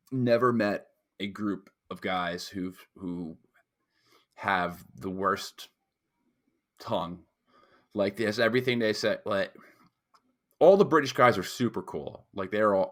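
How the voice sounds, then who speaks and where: A man from the United States co-hosting a podcast, chatting casually in a rambling, crude way. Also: on the low side. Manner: rambling, crude, full of restarts. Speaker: podcast co-host. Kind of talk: casual chat.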